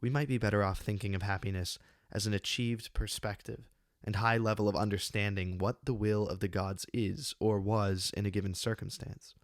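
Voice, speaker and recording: A man reading his own essay on a classic play, measured and deliberate, with slow emphatic pauses, close to a studio microphone. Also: lowish voice, little pitch movement, no room sound. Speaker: channel host giving a literary analysis.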